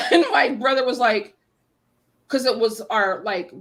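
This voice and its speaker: Chatty storytelling woman, higher voice. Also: measured pace, fairly bright tone. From United States. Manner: rambling storyteller, acts out quoted voices. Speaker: guest panelist. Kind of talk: casual chat.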